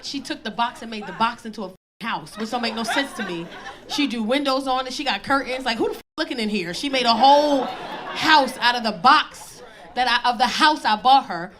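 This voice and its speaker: In a brisk stand-up set, a high-voiced woman in her 40s tells loud, animated stories and shouts her punchlines from a comedy club stage. The live recording has a noisy background full of audience laughter.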